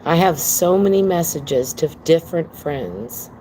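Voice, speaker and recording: A woman's voice: low-pitched, expressive, unhurried, dark tone, a little hiss or hum, low-quality recording. A woman livestreaming from home on her phone, telling a story to her viewers in a blunt, profane, emphatic way and calling them "girl". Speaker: livestream host.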